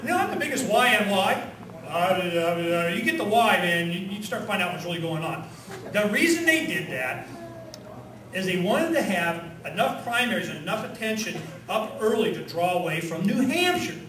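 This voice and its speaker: A man giving an animated rally speech at a conference, firing off rhetorical questions and leading chants. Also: sits high, normal speed. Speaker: conference speaker. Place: conference hall with audience. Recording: echoey hall, distant mic, crowd.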